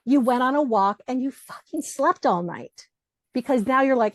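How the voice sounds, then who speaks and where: A middle-aged woman coach speaking as a guest in a relaxed interview, her voice sitting a little high. She tells lively stories, acts out the voices of the people she quotes and swears casually. The sound is dry and close, with no room echo. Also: moderate pace.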